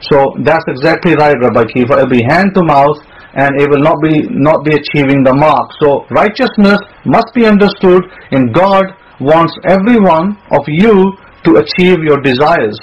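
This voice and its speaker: Preacher, male, husky and a little high-pitched, emphatic, repeats himself, muffled lo-fi audio. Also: moderate pace. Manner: emphatic, repeats words, restarts. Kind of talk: sermon.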